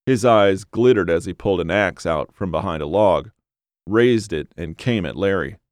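A man narrates a grim horror story in a measured, dramatic voice. His voice is very low, and the recording is dry and close, with no echo at all. Each line is paced and weighted for suspense.

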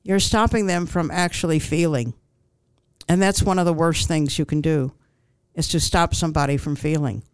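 A woman speaking as a grief counselor guest in an interview, giving calm, reassuring advice with frequent ums and restarts. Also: deep voice, normal speed, clear, resonant tone, no echo.

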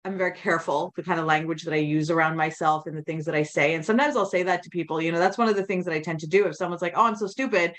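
Low-voiced woman telling her story. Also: steady tone, racing, few pauses. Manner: rambling, with many restarts and quoted inner thoughts. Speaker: podcast guest. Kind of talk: candid conversational storytelling.

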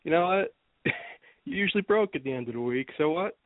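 A man's voice: on the high side, lively intonation, a little fast, no echo. Podcast host, male, casual storyteller, phone-quality dry sound. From New Jersey. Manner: rambling storyteller, laughs often. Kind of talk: casual chat.

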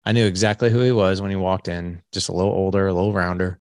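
A man in his late forties shares his life story as a podcast guest. His voice is deep with a gravelly edge, and he acts out the conversations as he goes. The sound is close and dry. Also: quick pace, no echo. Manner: candid, animated storyteller who acts out dialogue. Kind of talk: storytelling in an interview.

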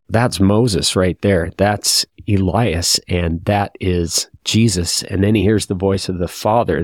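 A man's voice: low voice, darkish tone, no echo, studio quality. A man teaching a scripture lesson, reading verses aloud and reflecting in a confessional, thoughtful way.

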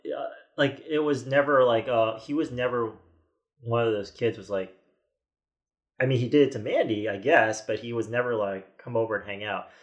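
A man's voice: medium pitch, normal speed, highs cut off. A man in his forties, a podcast guest, telling a story in casual chat with many restarts and quoted asides.

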